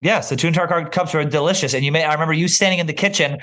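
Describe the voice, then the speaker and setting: A man co-hosting a podcast in casual chat, playful and teasing in quick banter. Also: a little high, fairly bright tone. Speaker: podcast co-host.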